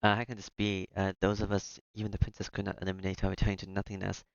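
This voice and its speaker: A man's voice: low voice, completely flat delivery, fast, vocal fry, no room sound, muffled recording. A man reading out the taunting lines of a cruel male vampire in a visual novel, in a mocking manner. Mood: bewildered. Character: cruel male vampire who devours beasts. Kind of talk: visual novel read aloud.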